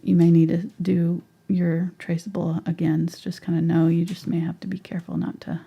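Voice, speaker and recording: A middle-aged woman gives a live painting lesson in a husky voice. She chats her way through each step and now and then drops to a murmur as if talking to herself. Her tone stays low and mellow. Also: level tone, normal speed, dull audio. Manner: chatty, thinks aloud, drops into whispers to herself. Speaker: painting instructor.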